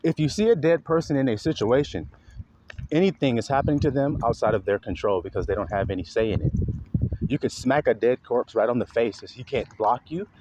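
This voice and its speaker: A man's voice: brisk, noisy background. A man preaching a sermon, calling out rhetorical questions to his listeners and acting out exaggerated voices. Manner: animated, swings pitch widely, acts out exaggerated voices.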